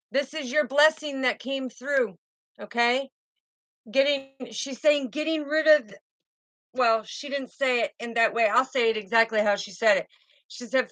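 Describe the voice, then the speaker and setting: Woman doing a tarot reading, high voice, calls everyone sweetheart, dry close mic. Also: bright, forceful tone, no echo, low-quality recording. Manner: soothing, calls viewers sweetheart and baby girl. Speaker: tarot reader.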